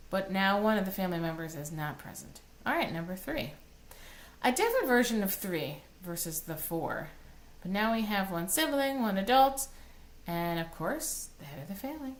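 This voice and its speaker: A woman's voice: medium pitch, big pitch swings, moderate pace. A woman cantor teaching Torah cantillation, explaining plainly and breaking into short sung chant phrases. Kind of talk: recorded online lesson.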